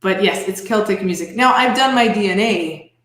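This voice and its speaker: A woman's voice: mid-range voice, moderate pace, fairly bright tone, a little hiss or hum. A woman guest musician chatting casually, laughing often and explaining at length. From French and Spanish roots. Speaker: guest fiddler and step dancer. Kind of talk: casual interview chat. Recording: echoey room.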